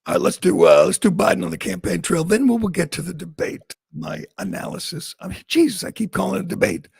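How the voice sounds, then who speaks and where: A man's voice: sits high, wildly swooping pitch, creaky, a little mellow, husky, dry recording, studio quality. A man hosting a talk show, delivering sarcastic, mocking political commentary. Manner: sarcastic, mocking, quick asides with laughs. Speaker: talk radio host.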